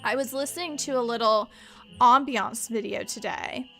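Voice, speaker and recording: A woman's voice: a little high, moderate pace, pushed and bright, soft background music. A woman streaming a mystery game, chatting casually and rambling in asides to her viewers. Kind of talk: casual let's-play chat.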